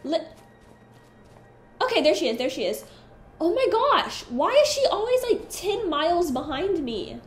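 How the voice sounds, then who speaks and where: A woman's voice: very high voice, sing-song, a little slow, long pauses, reverberant, soft background music. A woman giving chatty, easily exasperated let's-play commentary while she plays. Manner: chatty, easily exasperated, talks to her companion. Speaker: gaming streamer.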